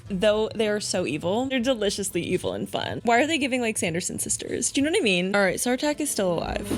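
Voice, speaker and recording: A woman's voice: mid-range voice, sing-song, fast. A woman book vlogger chatting casually and gushing, with plenty of "like" fillers. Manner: gushing, heavy use of "like". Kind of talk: casual reading vlog.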